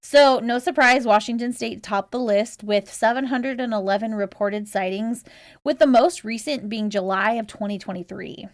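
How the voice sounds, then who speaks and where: A woman's voice: fairly high pitch, moderate pace, dry recording, clean studio sound. A woman co-hosting a casual podcast, chatty and laughing often, reading out research with fillers. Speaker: podcast co-host.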